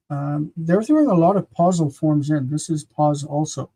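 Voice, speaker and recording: A teacher hosts a live-streamed grammar lesson, explaining slowly and patiently, pausing often and repeating words aloud. The voice is mid-range and warm.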